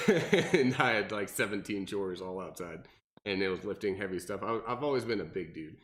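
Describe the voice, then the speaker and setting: A man's voice: lowish voice, animated, normal speed, fairly bright tone. A young man, a personal trainer, chatting casually on a podcast, explaining things with analogies and many fillers. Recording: roomy echo.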